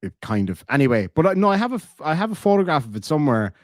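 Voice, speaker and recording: A man's voice: a little high, sing-song, rapid-fire, a little mellow, dry recording, studio quality. An Irish man in casual chat, reading out viewer messages and telling rambling stories, swearing freely. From Ireland.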